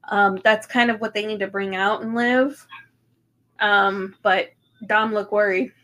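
Bright-voiced chatty woman podcaster. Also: mid-range voice, fairly even intonation, a little slow. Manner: chatty, swears freely, many ums. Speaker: podcast co-host. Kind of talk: casual chat recap.

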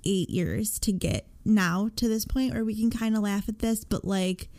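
A woman co-hosting a podcast, casually recounting a frightening event in an emphatic, expressive way. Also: medium pitch, normal speed. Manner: emphatic, expressive, swears freely. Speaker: podcast co-host. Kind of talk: casual storytelling chat.

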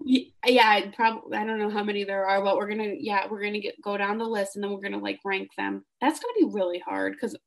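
A young woman co-hosting a casual fan podcast, animated and gushing, laughing often. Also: medium pitch, brisk, creaky. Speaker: podcast co-host.

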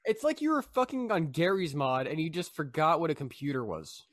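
A man's voice: on the high side, very animated, a little fast, no room sound. A young man co-hosting a podcast, reacting with crude jokes and swearing. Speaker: podcast co-host. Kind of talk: casual podcast chat.

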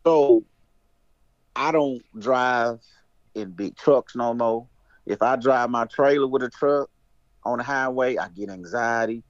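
A man's voice: medium pitch, takes it slowly, long pauses, no room sound, muffled recording. A man, a veteran guest on a podcast, telling stories in casual chat and acting out the dialogue. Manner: animated storyteller, acts out dialogue.

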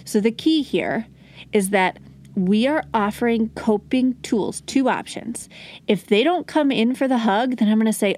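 A woman hosting a podcast, explaining parenting ideas calmly and modeling gentle phrases to say to small children. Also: fairly high pitch, unhurried. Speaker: podcast host. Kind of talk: solo parenting advice talk.

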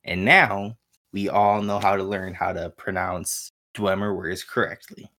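A man's voice: sits low, fairly even intonation, unhurried, bright, forceful tone. A man co-hosting a casual gaming podcast, laid-back and hesitant, full of fillers as he recounts his play. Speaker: podcast co-host.

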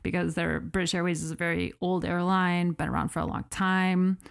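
A woman's voice: lowish voice, flat delivery, a little fast, creaky, smooth. A woman in her thirties co-hosting a podcast in a casual chat, giggly and rambling, slipping into little voices. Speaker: podcast co-host.

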